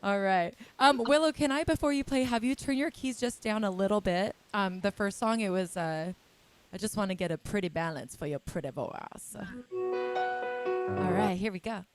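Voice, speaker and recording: A woman's voice: medium pitch, moderate pace. A woman hosting an online music show over a video call, chatting casually and reading out viewer comments with lots of giggles and gushing. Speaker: host.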